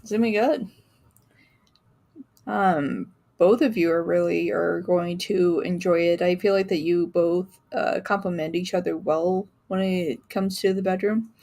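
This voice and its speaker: Gravelly-voiced woman reading tarot live. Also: fairly low pitch, fairly even intonation, measured pace, warm tone. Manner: chatty, laughing, many fillers. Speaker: tarot reader.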